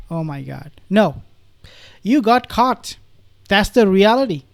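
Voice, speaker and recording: A man's voice: high voice, very animated, slow, gravelly, pauses often. A man hosting a political commentary show, reacting to news clips in an indignant, sarcastic way.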